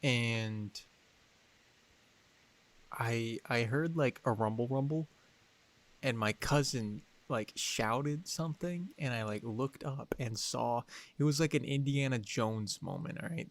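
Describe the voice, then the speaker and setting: A young man co-hosting a podcast, telling a story in an animated, excitable way, full of fillers. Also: mid-range voice, slow. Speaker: podcast co-host. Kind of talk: casual storytelling chat.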